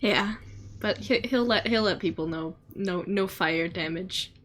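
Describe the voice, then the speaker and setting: A woman's voice: medium pitch, measured pace, a bit bright, slight background noise. A woman playing in a tabletop game, talking casually and laughing often. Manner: laughing, playful. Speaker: player.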